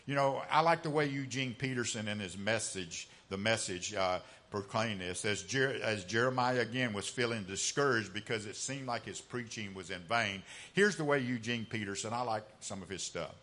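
Preaching an impassioned sermon in folksy, colloquial language, a man swings between loud, emphatic lines and hushed asides. His voice is fairly low, his speed normal, and he hardly pauses.

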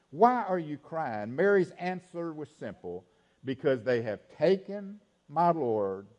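A man preaching a sermon, repeating phrases and dropping to a hush for quoted lines. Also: high voice. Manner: animated preaching, swings between loud emphasis and hushed quoted lines, repeats phrases. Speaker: pastor.

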